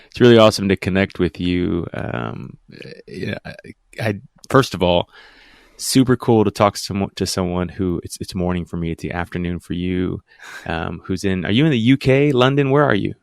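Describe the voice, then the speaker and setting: A deep, gravelly man hosts a casual podcast interview, upbeat and chatty. His voice sits dry and close, with no room around it. He often stumbles and restarts as he talks. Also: moderate pace, no echo. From United States. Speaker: podcast host.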